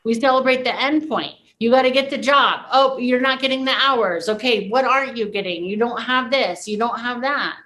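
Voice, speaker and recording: A woman's voice: fairly high pitch, normal speed, few pauses, bright, forceful tone, rough recording. A woman leading a class, talking through a spiritual coaching idea in an earnest, reflective way with many "like"s. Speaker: class leader.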